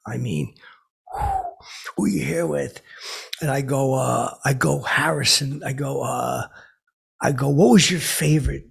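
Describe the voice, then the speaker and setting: A boastful, washed-up radio DJ, as a man puts him on, rambles through a story that keeps stumbling over itself. His voice is deeply gravelly and rough with fry. He stammers and repeats himself, always oblivious. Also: measured pace, heavily acted. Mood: rambling. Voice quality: gravelly, extremely raspy. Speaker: comedy podcast host playing a character.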